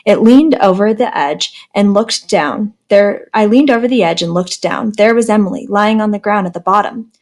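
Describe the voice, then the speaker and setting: Woman, read-aloud storyteller, children's book, lively jumps in pitch. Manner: lively, with quick pitch jumps for quoted characters.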